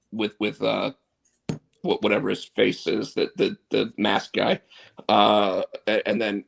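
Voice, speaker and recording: A man's voice: lowish voice, vocal fry. Opinionated man chatting loosely. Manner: rambling, opinionated, many restarts. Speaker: co-host. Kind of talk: casual wrestling chat.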